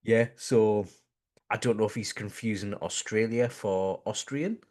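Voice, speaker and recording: A man, co-hosting a casual film chat, laid-back and halting. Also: on the low side, darkish tone. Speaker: podcast co-host.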